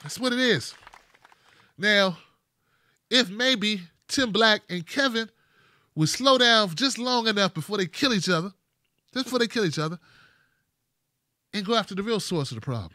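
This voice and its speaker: A man hosting his own show, delivering a comedic rant in animated, slangy storytelling. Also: sits high, normal speed, long pauses, no echo, clean studio sound. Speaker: host.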